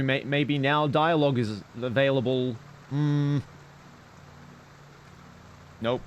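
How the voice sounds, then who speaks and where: A male streamer talking through a video game, dry and jokey, often muttering to himself. His voice sits at an ordinary middle pitch, and he riffs sarcastically on what he finds. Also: fairly even intonation, slow, long pauses, highs cut off, slight background noise. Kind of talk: casual gameplay commentary.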